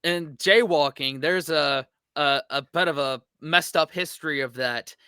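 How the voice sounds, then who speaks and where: American man, casual reaction chat, bright clear voice, dry close sound. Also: fairly high pitch, unhurried, no room sound. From United States. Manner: rambling, hesitant, joking. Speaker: reaction channel host.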